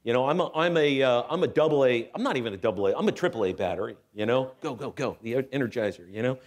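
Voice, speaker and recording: A middle-aged man giving a talk at a spiritual center as guest speaker, telling a personal story with animated, self-mocking delivery and acting out voices. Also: mid-range voice, very fast. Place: church hall. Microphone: handheld microphone.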